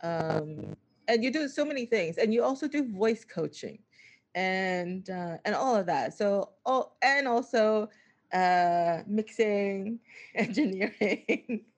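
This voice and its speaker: A woman's voice: medium pitch, animated, slow pace. A woman interviewing a musician, asking about his career in a hesitant way, with many ums and restarts. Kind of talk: casual interview.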